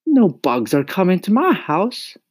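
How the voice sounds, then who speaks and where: Storybook mother, stout and skeptical, dry scolding tone, high and raised, a male narrator putting her on. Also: wildly swooping pitch, unhurried, breathy edge, heavily acted.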